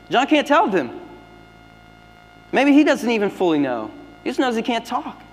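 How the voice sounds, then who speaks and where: A man preaching a sermon as pastor, swinging between loud emphatic lines and hushed, near-whispered ones. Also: high-pitched, big pitch swings, moderate pace, pauses often, a little hiss or hum. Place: church sanctuary. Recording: long hall reverb with faint music.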